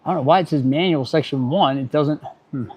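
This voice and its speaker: A middle-aged automotive technician chats casually on a livestream while working, muttering, getting irritated, and cracking dry jokes. His voice is on the high side, brisk and darkish, with a breathy edge. The stream audio is dull and lo-fi.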